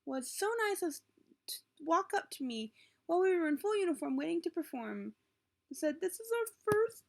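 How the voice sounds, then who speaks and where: A woman's voice: high voice, expressive, normal speed, creaky, darkish tone. A woman in her late teens, talking through a webcam at home in a rambling, emotional, self-interrupting way, with a sore throat. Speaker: vlogger. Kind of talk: confessional webcam vlog. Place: at home, indoors. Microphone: built-in computer webcam mic.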